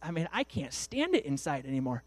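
A man's voice: on the high side, sing-song, fairly quick, no echo. A man voicing a fed-up husband who insists he would rather sleep outdoors than stay home with his angry wife, speaking in an exasperated, insistent way.

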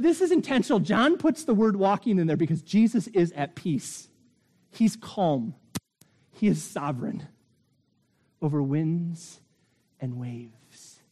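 Male pastor, sermon, mellow tone, slightly high voice, dramatic hushed emphasis. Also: a little slow, long pauses, husky. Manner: dramatic, swings from loud excitement to hushed intensity.

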